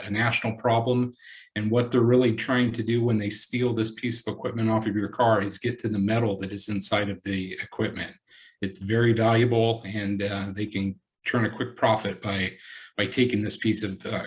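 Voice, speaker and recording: A man from the police giving a halting update with many fillers over a video call. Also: fairly low pitch, poor audio. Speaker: police representative. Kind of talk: community meeting update. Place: virtual meeting.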